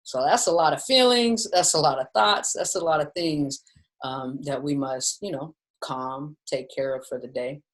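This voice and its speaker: Speaking from home with her dog close by, a woman gives a relaxed mindfulness lesson in a webinar, like a friendly teacher keeping things simple. Her low voice moves at a moderate pace, and she frequently calls her audience "you guys." The video-call recording is rough.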